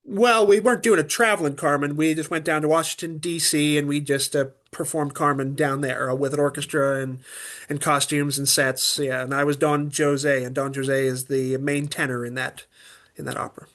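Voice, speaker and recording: A man with a somewhat high speaking voice talks casually as a guest in an interview. He is an opera tenor from Pennsylvania. He explains things haltingly, restarting phrases and leaning on filler words. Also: steady tone, a bit bright. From Pennsylvania, USA.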